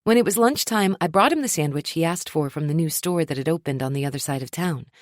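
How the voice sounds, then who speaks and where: A woman reads a first-person romance audiobook with wry, expressive storytelling. Her voice sits a little low but swings widely in pitch. The recording is dry and close. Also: fast talker, no echo. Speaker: audiobook narrator.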